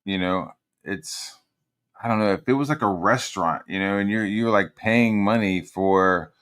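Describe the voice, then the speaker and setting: A man with a fairly low voice hosts a livestream and rants in a casual, rambling way. He swears constantly and mocks his targets with heavy sarcasm. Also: moderate pace, fairly bright tone, clean tone. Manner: profane, meandering, sarcastic. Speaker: livestream host. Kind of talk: casual ranting commentary.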